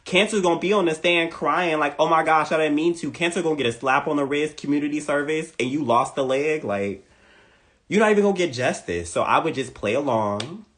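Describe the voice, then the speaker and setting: A man giving a casual, comedic astrology monologue, playful and animated, repeating lines for emphasis. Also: a little high, brisk. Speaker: astrology content creator.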